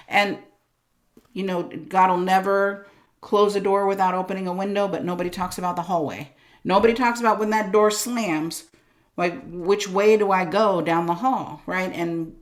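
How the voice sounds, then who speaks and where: A woman guest on a podcast interview, telling her story in an animated way, acting out her own thoughts and swinging between quiet and loud. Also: mid-range voice. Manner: animated, acts out voices of herself and God, swings loud and soft. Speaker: guest, business coach.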